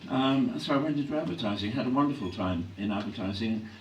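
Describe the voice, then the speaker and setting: An older English man reflecting on his acting career in a live on-stage interview, clearing his throat often as his voice grows hoarse. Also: medium pitch, lively intonation, fast talker, muffled recording. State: voice growing hoarse. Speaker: actor being interviewed. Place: hall at a public event. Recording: echoey hall from a distance, faint hum.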